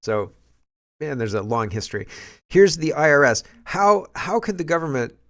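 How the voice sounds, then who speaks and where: A man with a gravelly, fry-laden voice talks through news clips as a show host. He muses casually, pausing to react and think out loud. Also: medium pitch. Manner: musing, reacts aloud to video clips. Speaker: political commentary host.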